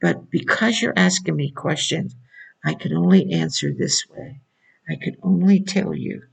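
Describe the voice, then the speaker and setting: Gravelly, husky woman preaching insistently. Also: low-pitched, unhurried, poor audio. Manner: insistent, repeats rhetorical questions. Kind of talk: informal preaching to a video audience.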